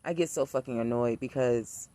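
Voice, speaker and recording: A man's voice: medium pitch, mellow, no room sound. A man talking in a blunt, profane casual rant about spirits, repeating himself for emphasis. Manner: blunt, profane, rapid-fire repetition. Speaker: spiritual practitioner ranting to camera.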